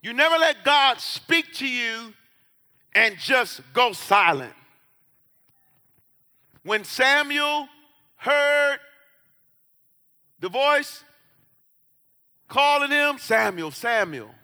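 A man preaching a sermon as pastor, swinging between quiet, low asides and loud shouts, and acting out the voices of Bible characters. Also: expressive, very slow, pauses often. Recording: hall reverb.

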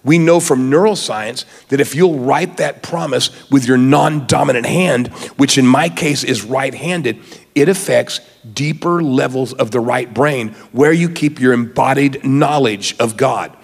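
A man preaching a sermon as pastor of his church, moving from quiet teaching to fervent, rising exhortation. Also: mid-range voice, unhurried, creaky, breathy edge, in a large hall.

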